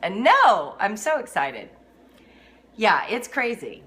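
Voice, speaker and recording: A woman's voice: medium pitch, takes it slowly. A middle-aged woman hosting a live-streamed talk on homeschooling, speaking emphatically and laughing often as she answers viewers. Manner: animated, emphatic, laughs often, teases herself. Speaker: homeschooling educator and host. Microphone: phone or webcam.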